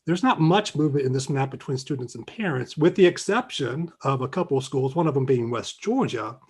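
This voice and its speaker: Husky man presenting survey findings. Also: fairly high pitch. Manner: explanatory, many fillers and restarts. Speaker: faculty presenter. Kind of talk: presenting survey results at a meeting.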